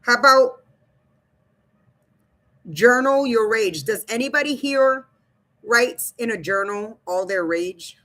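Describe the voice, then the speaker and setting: A woman hosts a casual livestream in a highish, sharp-toned voice, speaking slowly but animatedly with long pauses. She reads viewer comments aloud and addresses her chat bluntly and loosely, cursing and laughing.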